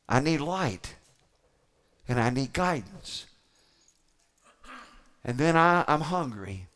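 A man delivering a sermon as a pastor, preaching emphatically with dramatic pauses and repetition. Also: a little high, fairly bright tone.

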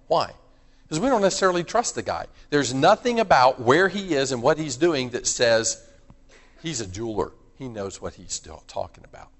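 A man preaching a sermon in a conversational, emphatic way, putting questions to his listeners. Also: on the high side. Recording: long hall reverb.

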